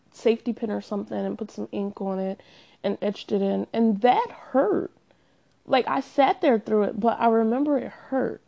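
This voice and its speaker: A woman talking casually to camera in a chatty, self-deprecating, animated way. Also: mid-range voice, gravelly, lo-fi sound. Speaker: vlogger. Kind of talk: confessional casual monologue.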